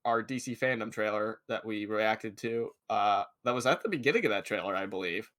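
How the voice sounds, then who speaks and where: A young man co-hosting a casual film review, retelling scenes in an excited, rambling way with lots of swearing. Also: fairly low pitch, a little fast, a little hiss or hum. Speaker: podcast co-host. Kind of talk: casual movie review chat.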